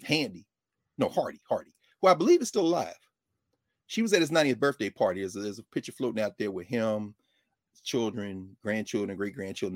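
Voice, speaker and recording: Animated middle-aged man, dry sound. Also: fairly low pitch, no echo. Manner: animated, digressive, self-correcting. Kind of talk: casual storytelling commentary.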